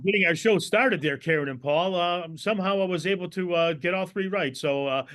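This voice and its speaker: Male co-host, slightly high-pitched, hesitant and filler-heavy. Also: brisk, fairly bright tone. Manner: hesitant, many ums and you-knows. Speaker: podcast co-host. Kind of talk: casual podcast chat.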